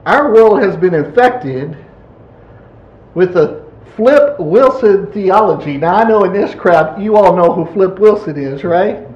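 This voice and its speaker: High voiced preacher guy, slow and lively, echoey church hall. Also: muffled recording. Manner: animated, folksy, acts out quotes. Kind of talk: sermon. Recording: echoey room.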